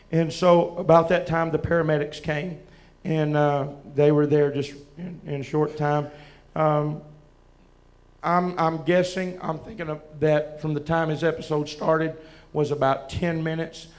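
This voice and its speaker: A man with a Southern US accent, preaching as he tells a halting, emotional testimony with many restarts. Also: fairly high pitch. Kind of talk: testimony from the pulpit.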